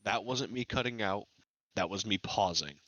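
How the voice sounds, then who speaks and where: A man playing a tabletop game, describing his character in a flat, deadpan manner. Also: lowish voice, normal speed, highs cut off. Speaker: player. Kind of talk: casual tabletop role-play.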